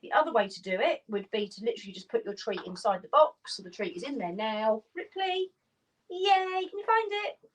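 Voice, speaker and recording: A woman, a dog trainer explaining steps clearly and practically in an instructional video. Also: expressive, fast talker, hardly any pauses, recorded from a distance, rough recording. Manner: clear, practical explaining, breaks into high praise for the dogs.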